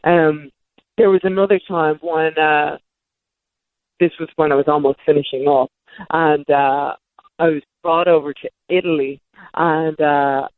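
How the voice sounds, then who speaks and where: Low-pitched and fairly even in intonation, this woman in her thirties speaks a little slowly with long pauses. As an interview guest she rambles through candid personal stories, often restarting to correct herself, on a dry, tinny phone-like line without room sound.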